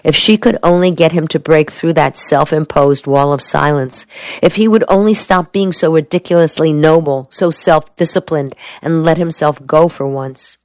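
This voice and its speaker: A woman narrating a novel in a steady, measured audiobook reading. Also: deep voice, no echo.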